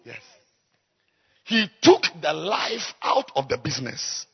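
A man preaching a sermon as a pastor, dropping to low murmurs and rising to high shouts. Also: big pitch swings, slow, vocal fry, slightly rough, highs cut off. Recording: long hall reverb.

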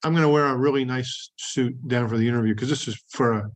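A man hosts a relaxed podcast chat in a plain, middle-pitched voice. He spins recruiting anecdotes in an easygoing way, often chuckling through them. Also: fast talker. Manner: anecdotal storyteller, chuckles while telling. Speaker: podcast host, executive recruiter. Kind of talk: casual podcast conversation.

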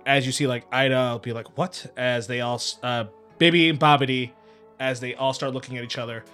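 A man's voice: mid-range voice, steady tone, fairly quick, bright, forceful tone, soft background music. A man narrating a tabletop game as game master, in loose, filler-heavy talk.

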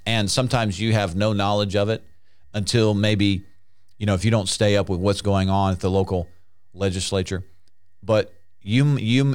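A man's voice: lowish voice, clear, resonant tone. A man preaching a sermon in an emphatic, repetitive way, restarting phrases and calling out hallelujah.

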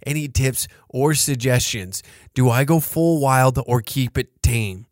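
A man's voice: mid-range voice, unhurried, darkish tone, no room sound, clean studio sound, close to an everyday voice. A man reading a fan letter aloud as an Australian mine truck driver, in a weak put-on Australian accent.

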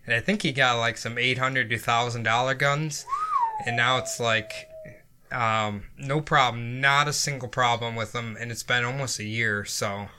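A man with a medium-pitched, steady voice talks at a moderate pace against a noisy background. Co-hosting a podcast, he chats in casual banter and explains himself in a rambling, defensive way.

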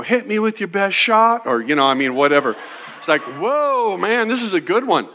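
A man in his sixties preaching a sermon in a conversational, animated way, often checking in with "right?" and playing with words. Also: high voice. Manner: animated, playful with wordplay. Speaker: pastor.

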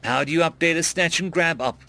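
A man's voice: a little high, fairly quick, vocal fry, bright, forceful tone, soft background music, pitched above the performer's own voice. A man doing a grumbling soldier.

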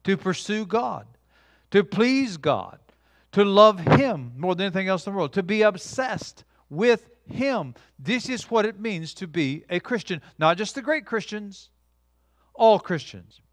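A man preaching a sermon in a slightly high voice, emphatic, shifting between loud declarations and near-hushed lines. He leads the congregation in call-and-response. The sound is dry and close, with little room echo. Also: lively intonation, unhurried. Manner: engages audience with call-and-response. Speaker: pastor.

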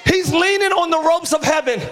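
A man preaching an energetic live sermon as pastor, shouting and hyped, calling on the congregation to respond. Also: extremely high pitch, brisk, some chatter behind. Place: large church sanctuary with congregation.

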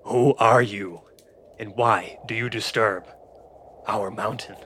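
A man's voice: lowish voice, fairly even intonation, slow, fairly bright tone, breathy edge, exaggerated voice. A man voicing a huge, guarded giant chieftain confronting strangers in a tabletop game. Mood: suspicious.

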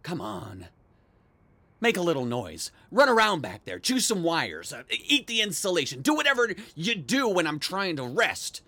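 A man's voice: on the high side, wildly swooping pitch, normal speed, no echo, exaggerated voice. A man playing a paranoid, sleepless tenant. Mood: taunting. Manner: swings between muttering and yelling. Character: sleepless, paranoid man obsessed with noises in the walls. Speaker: actor in a one-man radio play. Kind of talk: audio drama monologue.

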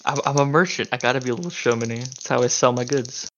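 A man playing a tabletop game, chatting casually with quick, fumbling restarts. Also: mid-range voice, fairly bright tone, a little hiss or hum. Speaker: player. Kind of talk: casual chat. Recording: slightly muffled lo-fi audio.

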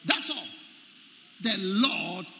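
A man's voice: high voice, lively intonation, drawn-out words, sharp tone. A man preaching a sermon, emphatic, repeating key phrases and quizzing his listeners. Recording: echoey hall with faint ambience.

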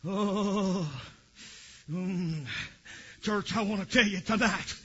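A man preaching a fervent Pentecostal sermon, swinging from quiet asides to shouted praise. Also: high voice, fairly even intonation, slow, husky, muffled recording.

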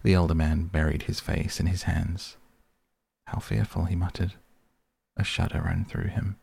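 A man narrating an audiobook in a slow, measured reading style. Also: sits low, steady tone, creaky, darkish tone, breathy edge.

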